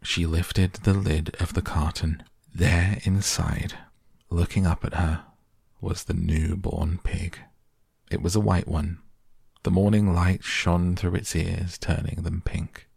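A man hosting a sleep podcast, reading bedtime stories in a soft, slow, soothing way. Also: deep voice, flat delivery, creaky, breathy edge, dry recording, studio quality. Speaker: podcast host and audiobook reader. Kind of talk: softly spoken bedtime story reading.

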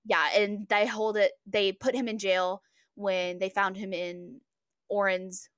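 A woman's voice: medium pitch, flat delivery, takes it slowly, a bit bright, no echo. A woman co-hosting a podcast, casually retelling things in a rambling way with lots of fillers and restarts. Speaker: podcast co-host. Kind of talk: casual book chat.

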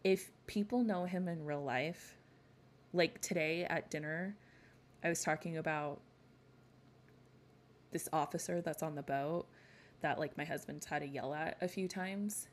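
A woman who isn't from the American South hosts a podcast, chatting in a gossipy, sassy way with frequent rants and laughs. Her voice is low and her pace measured, with frequent pauses and slight background noise.

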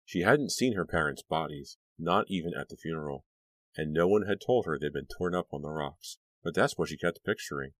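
Deep-voiced male narrator, expressive dramatic read, lively intonation, dry close sound. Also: brisk, dry recording. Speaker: audiobook narrator. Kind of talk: scripted narration.

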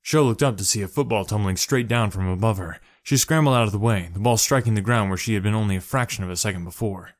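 A man reading a story aloud in steady narration, doing the characters' voices. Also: on the low side, quick pace, hardly any pauses, no room sound, clean studio sound. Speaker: story reader.

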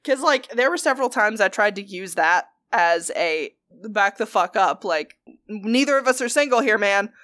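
A young woman telling a story in a casual chat, animated and sweary. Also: mid-range voice, moderate pace.

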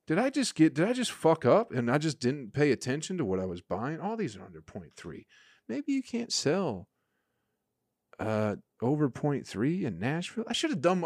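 A man's voice: on the high side, darkish tone, no echo, studio quality. A man hosting a casual solo podcast, rambling and swearing in an exasperated way. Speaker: podcast host.

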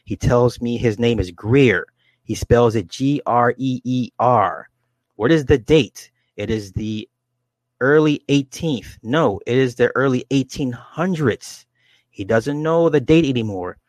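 A man reading the lines of a woman clairvoyant in a trance, in slow, measured pronouncements. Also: mid-range voice, no echo, lightly acted. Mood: solemn.

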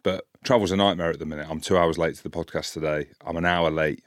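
A man in his forties, a podcast co-host and commentator, telling an animated story in casual chat, his voice rising sharply when he replays an argument. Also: quick pace, no room sound, clean studio sound. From Scotland. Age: 40s. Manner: animated anecdote, gets loud and high when quoting the argument.

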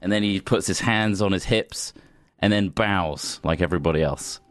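A man describing his character's actions in a tabletop role-play, halting and amused. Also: low voice, fairly bright tone, no echo, studio quality. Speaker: player.

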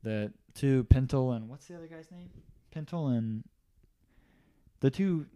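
A man's voice: medium pitch, animated, measured pace, dark tone, clear, resonant tone. A man casually rambling through a movie recap as a podcast co-host, checking his notes and laughing often.

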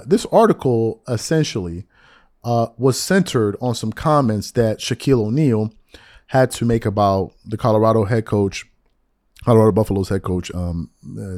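A man in his forties hosting a solo sports podcast, talking straight to the mic with animated, mocking rants. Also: lowish voice, no room sound, clean studio sound. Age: 40s. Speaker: podcast host.

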